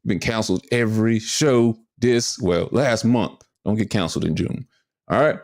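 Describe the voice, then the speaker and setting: Gravelly deep-voiced male podcast host. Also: normal speed, a little mellow, no echo, studio quality. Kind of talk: casual chat.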